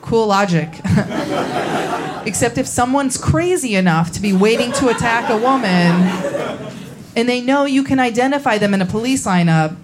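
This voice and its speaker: A young woman from Indiana performing a live stand-up set, telling stories deadpan and acting out the people she quotes. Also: on the high side, normal speed. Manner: deadpan storytelling, acts out quoted voices. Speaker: stand-up comedian. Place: comedy venue with a laughing audience. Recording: live show recording with clear audience noise.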